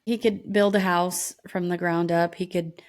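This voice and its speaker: A woman's voice: on the low side, steady tone, measured pace. A woman co-hosting a podcast, mostly agreeing in short replies and adding her own takes. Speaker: podcast co-host. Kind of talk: casual chat.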